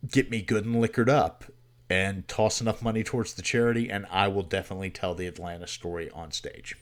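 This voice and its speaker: A man hosting a livestream, telling a story casually and at length, with swearing and many fillers. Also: fairly low pitch. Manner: rambling, profane, with many fillers. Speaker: livestream host.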